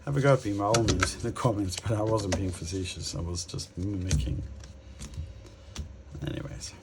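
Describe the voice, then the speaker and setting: A man with a fairly low voice talks through a tarot reading at an easy, casual pace. He muses aloud and hesitates often, restarting his thoughts as he speaks directly to his viewers. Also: fairly even intonation, normal speed, very noisy. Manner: musing, hesitant, many fillers and restarts. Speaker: tarot reader.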